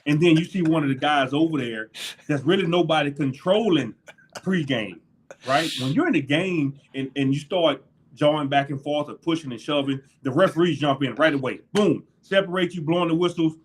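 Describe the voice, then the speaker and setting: With a slightly high voice at a moderate pace, this former NFL linebacker in middle age tells animated locker-room tales during a casual interview, laughing frequently and mimicking people's words. There's slight background noise.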